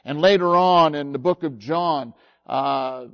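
A man preaching a sermon, retelling a story slowly and haltingly with many pauses and fillers. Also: fairly high pitch, dull audio.

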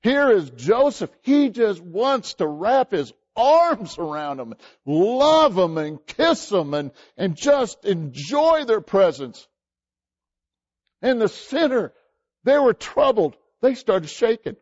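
A man's voice: high-pitched, very animated, slow, darkish tone. A man preaching a sermon with emphatic rhetorical questions, often repeating words. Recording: dull lo-fi sermon recording.

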